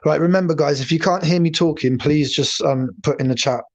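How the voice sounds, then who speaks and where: A man from England runs a loose, rambling livestream, swearing freely and addressing viewers by name. His voice sits a touch higher than most men's. He talks in a casual, meandering way. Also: brisk, a little mellow. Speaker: livestream host. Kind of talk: casual live chat.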